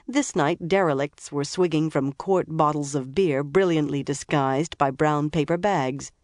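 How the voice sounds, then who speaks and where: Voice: mid-range voice, measured pace, no echo. Dry, close audiobook narrator. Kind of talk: scripted narration.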